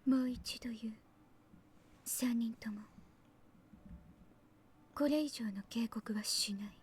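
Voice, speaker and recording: A woman voicing a cold, terse young woman with a gun in a game, in a whispered role-play, talking in a flat, emotionless hush. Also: on the high side, normal speed, slight background noise, lightly acted. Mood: cold threatening.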